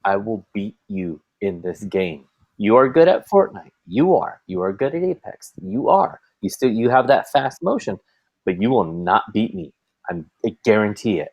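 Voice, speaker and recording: A man in his thirties, a podcast co-host chatting casually, who tells animated stories and acts out the voices in his quotes. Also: on the low side, moderate pace, dry recording. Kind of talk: casual chat.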